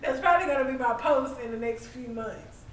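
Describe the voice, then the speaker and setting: A woman's voice: high-pitched, a little fast, reverberant, far from the mic, a little hiss or hum, poor audio. A woman hosting a casual faith podcast, rambling and repeating herself and laughing often. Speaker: podcast host.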